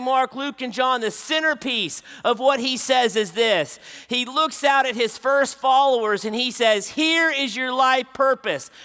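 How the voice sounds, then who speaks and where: A man's voice: very high voice, measured pace, few pauses, bright, forceful tone. A middle-aged man preaching at a conference, emphatic, driving home key phrases by repeating them. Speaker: conference speaker. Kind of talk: sermon. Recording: long hall reverb.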